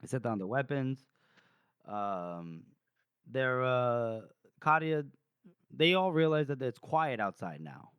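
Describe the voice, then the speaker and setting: A man's voice: medium pitch, lively intonation, clean tone, dry recording, dull audio. A man co-hosting a podcast, retelling book scenes in casual talk, quoting characters and stumbling over restarts. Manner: quotes characters in quick voices, stammers and restarts. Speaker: podcast co-host.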